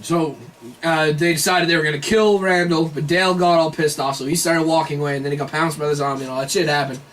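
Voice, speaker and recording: A man's voice: on the high side, fairly even intonation, fast talker, a bit bright. A young man in casual podcast chat, rambling and swearing as he recaps scenes and acts out the characters' lines. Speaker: podcast host. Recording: roomy sound from a distant mic with faint hiss.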